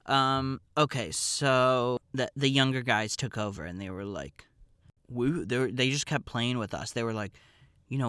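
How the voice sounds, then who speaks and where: A man spins a comedic personal tale for his podcast, wandering off on asides in a wry, offhand way. His voice is smooth and clear, at an ordinary middle pitch. The sound is close and dry, with no room around it. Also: unhurried, a bit bright, dry recording. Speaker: podcast host and storyteller. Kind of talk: casual comedic storytelling.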